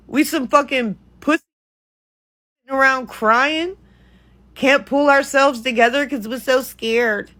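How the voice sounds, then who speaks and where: A woman's voice: high-pitched, a bit bright. A woman in a reaction video, ranting with heated exasperation and plenty of profanity. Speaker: content creator.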